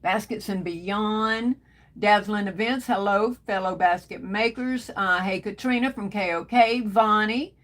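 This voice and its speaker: A woman's voice: medium pitch, a little slow. A woman hosting a casual livestream, greeting viewers one by one and calling them baby and darling. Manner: warm Southern endearments, calls viewers baby and darling. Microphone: phone.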